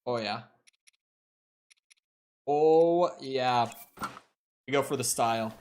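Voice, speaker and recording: A man's voice: mid-range voice, slow, darkish tone, slight background noise. Laid-back Minnesotan young man streaming. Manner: loose, offhand, swears, answers chat. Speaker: game streamer. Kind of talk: casual live-stream chat while gaming.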